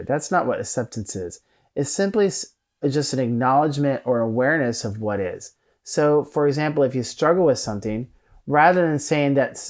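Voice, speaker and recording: A man's voice: mid-range voice, darkish tone. A man, a therapist, giving an unscripted lecture in a conversational, thoughtful way, often restarting his sentences.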